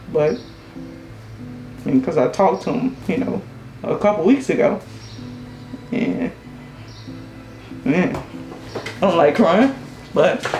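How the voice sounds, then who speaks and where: High-voiced man, emotional tribute. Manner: emotional, halting, sighing between phrases. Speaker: UPS driver and coworker. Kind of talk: tearful memorial tribute. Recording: roomy echo with music behind.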